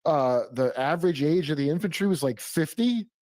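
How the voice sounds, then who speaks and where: A man's voice: fairly high pitch, lively intonation, fairly quick, darkish tone, no room sound. A man co-hosting a political commentary show, making sardonic, wry asides. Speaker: show co-host.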